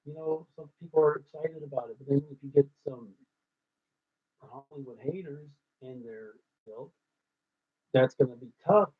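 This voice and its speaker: A man with a husky, slightly rough voice thinks out loud as he works out rhymes off the cuff. He tries lines aloud, then drops to a near-mutter. The sound is thin and tinny, like a phone line. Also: medium pitch, moderate pace. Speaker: host working out rhymes. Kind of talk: ad-libbed musing monologue.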